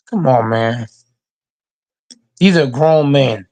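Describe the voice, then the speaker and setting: A man's voice: on the high side, normal speed. A man hosting a casual sports reaction show, ranting emphatically and with heavy profanity. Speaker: host reacting to football news.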